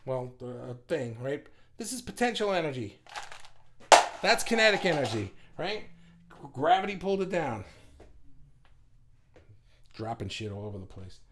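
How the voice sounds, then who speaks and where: A man's voice: mid-range voice, sing-song, normal speed, long pauses, noisy background. A man hosting a casual live stream who rambles, swears freely and reads viewer comments aloud. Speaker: livestream host.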